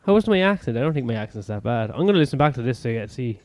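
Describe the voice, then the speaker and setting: Man, from ireland, podcast co-host, teasing deadpan banter, mellow tone, dry sound. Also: mid-range voice, very fast, no room sound.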